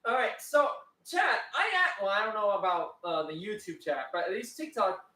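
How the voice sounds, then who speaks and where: A man's voice: sits high, very animated, normal speed, sharp tone, echoey room. A man co-hosting a casual livestream, rambling and telling stories to the chat. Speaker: co-host.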